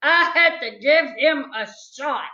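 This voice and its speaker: A woman's voice: sits high, slow, exaggerated voice. A woman doing Junie B. Jones, a bossy little girl. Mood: bossy pretend. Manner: loud, whiny and indignant. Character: bossy, excitable kindergarten girl. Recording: echoey room, slightly dull sound.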